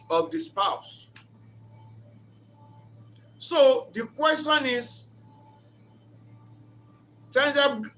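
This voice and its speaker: A man's voice: sits high, fairly bright tone, a little hiss or hum. A man giving an earnest, preacher-like reflective talk on marriage, mixing in story retellings. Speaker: speaker of a reflection channel.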